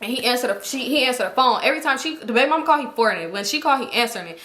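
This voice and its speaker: A woman's voice: on the high side, expressive, rapid-fire, bright, forceful tone, reverberant. A woman vlogger telling a rambling, profane story in a casual way, full of fillers.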